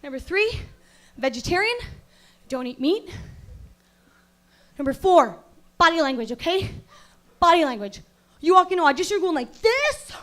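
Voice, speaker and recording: A woman performing a stand-up comedy set on a club stage as a mock-serious acting teacher who bursts into outraged yelling. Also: extremely high pitch, lively intonation, normal speed, long pauses.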